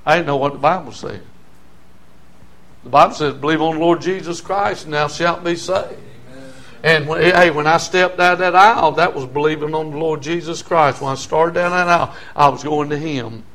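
An older man with a drawl preaches a sermon in a folksy, storytelling way. His voice sits high for a man. He swings between ringing shouts and low, confiding asides. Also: steady tone, normal speed. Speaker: pastor.

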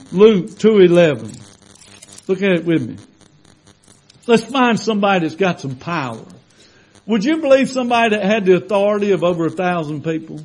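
High-voiced fervent preacher man. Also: darkish tone, poor audio. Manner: fervent, rhetorical questions and calls of amen. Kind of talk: sermon.

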